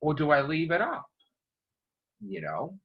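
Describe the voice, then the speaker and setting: A man ranting casually to camera as a vlogger, excitable and rambling, swearing constantly. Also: fairly high pitch, a little slow. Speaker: YouTube vlogger. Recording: dull lo-fi recording.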